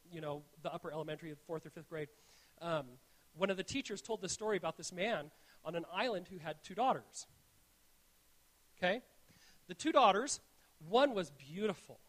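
A man with a notably high voice delivers a sermon to his congregation. He speaks earnestly and tells stories as he goes, and his phrases often stumble and restart. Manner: earnest, storytelling, frequent restarts. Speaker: pastor. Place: church.

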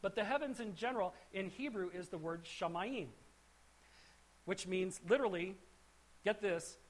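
A woman's voice: mid-range voice, normal speed. Conversational woman teaching scripture. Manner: conversational, with frequent restarts and asides. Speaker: Bible teacher. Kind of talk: verse-by-verse Bible teaching.

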